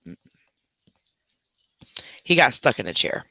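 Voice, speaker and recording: A man hosting a casual livestream from his bedroom at home, telling stories in an animated way and scolding his dogs in between. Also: medium pitch, slow, gravelly, dry recording. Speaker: livestream host. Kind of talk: casual live chat.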